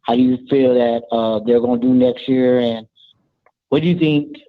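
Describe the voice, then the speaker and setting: Man, caller, from Charlotte, hesitant, fillers, mid pitch, tinny phone line. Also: fairly even intonation, moderate pace. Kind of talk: phone-in question.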